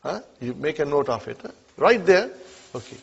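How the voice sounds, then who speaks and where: A husky man with vocal fry and big pitch swings, his voice a little high, teaches Arabic at normal speed. He drills the class with call-and-response phrases and checks often that they understand, heard through a muffled lo-fi classroom recording.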